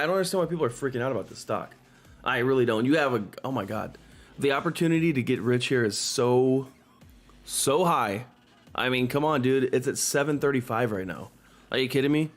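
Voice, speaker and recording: A man hosting a live stock market stream, talking excitedly and in exasperation, repeating himself and swearing into a desk microphone. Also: mid-range voice, a little fast, faint music behind. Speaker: stock market livestream host.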